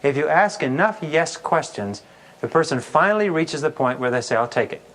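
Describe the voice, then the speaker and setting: Male sales trainer, slightly higher voice, storytelling seminar delivery with acted customer lines. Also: lively intonation, normal speed, a bit bright. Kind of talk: recorded sales seminar talk.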